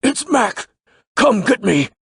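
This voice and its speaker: Brief: a man doing a shaken middle-aged survivor, raspy, gravelly and high-pitched, shouting. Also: big pitch swings, slow, dry recording, exaggerated voice. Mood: desperate. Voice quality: raspy, dry. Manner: shouting desperately. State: coughing, shaken. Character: panicked middle-aged man fleeing a burning tower.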